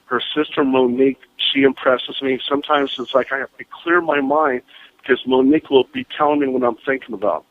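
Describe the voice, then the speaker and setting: A man calling in as a guest, telling ghost stories in an animated, excitable way with frequent laughs. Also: medium pitch, brisk, no echo. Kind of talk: phone-in storytelling. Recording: tinny phone line.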